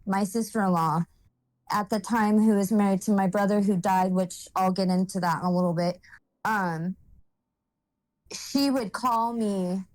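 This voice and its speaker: A young woman speaks in a mid-pitched voice, halting often as she searches for words. She sounds emotional and close to tears as she shares her story. The sound is dry, with no room echo. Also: fairly even intonation, darkish tone. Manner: emotional, holding back tears. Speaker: vlogger telling her life story. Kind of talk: personal testimony, casual monologue.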